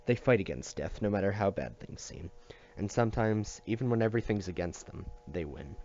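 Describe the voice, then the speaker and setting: A man reading aloud, voicing a steady, hopeful boy in a calm, reassuring way. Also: lowish voice, brisk, dull audio.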